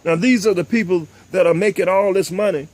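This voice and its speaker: Fired-up older host. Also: male voice, high voice, brisk. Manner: preachy, fired-up, repeats "ladies and gentlemen". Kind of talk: impassioned talk-show commentary.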